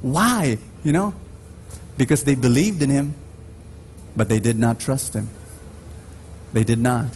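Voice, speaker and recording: Slow, emphatic Filipino preacher. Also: male voice, darkish tone. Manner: slow, emphatic preaching with big pitch swings. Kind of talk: sermon. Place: church. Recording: faint background noise on a radio live stream.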